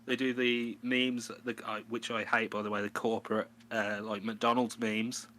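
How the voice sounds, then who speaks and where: Bright-voiced man chatting. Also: on the low side, little pitch movement, normal speed, slight background noise. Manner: rambling, laughs often, puts on a mock New York voice. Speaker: podcast co-host. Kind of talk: casual chat.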